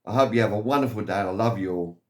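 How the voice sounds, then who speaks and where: Man, English accent, lowish voice, casual yarns, rambling, chuckles as he goes. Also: fast. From England. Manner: rambling, chuckles at his own stories. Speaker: vlogger. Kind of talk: casual anecdotal storytelling.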